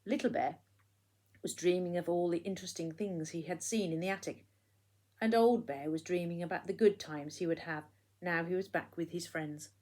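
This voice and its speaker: A woman, a primary school teacher, reading a picture book aloud to children in an expressive storytelling way, hushing for the quiet moments. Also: lowish voice, moderate pace.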